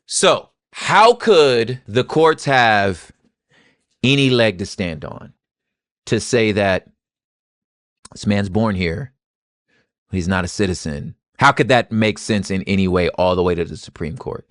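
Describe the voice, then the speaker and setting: A young adult man gives animated, casual history commentary. His talk jumps from low murmured asides to loud, heated bursts. The recording is dry and close, with no room sound. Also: takes it slowly, long pauses, no room sound. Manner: animated, swings from quiet asides to loud street-talk outbursts. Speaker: podcast co-host.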